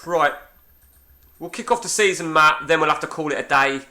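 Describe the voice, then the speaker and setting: An English man in his forties talks over a game session in a loose, rambling way, swearing freely as he goes. His voice sits a little high, with a bright, sharp edge to it. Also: moderate pace. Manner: animated, swearing, rambling storyteller. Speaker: gaming channel host.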